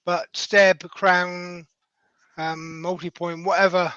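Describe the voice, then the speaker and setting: A man with a high voice chats casually about workshop gear. He hesitates often, filling gaps with little pauses, and sounds close and dry. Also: flat delivery, sharp tone, smooth, no room sound, dull audio. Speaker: regular guest on a woodturning stream. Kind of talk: casual chat.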